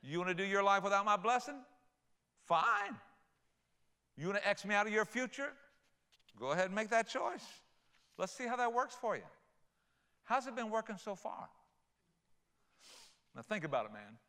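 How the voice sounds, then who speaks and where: An older man preaching a sermon, folksy and animated, telling playful stories. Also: sits high, moderate pace, pauses often, clean tone. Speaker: pastor.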